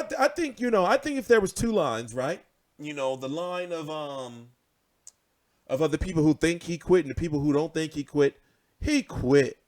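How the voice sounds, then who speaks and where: A man riffs on boxing in a loose, profane rant, repeating his points for emphasis. His voice sits a little high and swings widely up and down as he gets worked up. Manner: animated, profane, repeats himself. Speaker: boxing commentary host. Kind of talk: casual ranting commentary.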